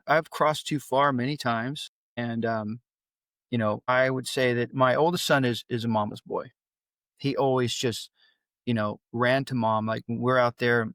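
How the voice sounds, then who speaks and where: A middle-aged father appears as a podcast guest, sharing candid stories bluntly and with animation, his voice rising when he gets worked up. His voice is mid-range, and the recording is dry.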